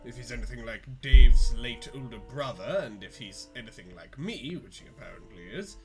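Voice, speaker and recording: A man's voice: mid-range voice, normal speed, loud music behind the voice, natural voice. A man voicing a composed, verbose young woman with a dry ironic wit, in a casual read-aloud of a comic.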